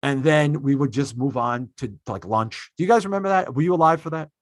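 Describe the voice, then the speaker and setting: A man's voice: mid-range voice, brisk. A man hosting a podcast, ranting emphatically in casual opinionated chat and swearing freely. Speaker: podcast host.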